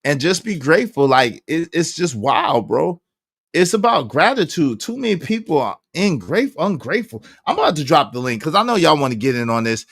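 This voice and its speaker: A man hosting a livestream, ranting in a heated, animated way and repeating his points. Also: on the high side, a little fast, gravelly, dry recording. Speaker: livestream host.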